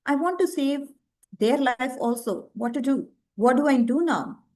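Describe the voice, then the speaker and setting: A woman's voice: sits high, lively intonation, moderate pace, dark tone. Woman voicing a troubled devout old man. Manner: earnest, troubled. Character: anxious, devout old man keeping his word.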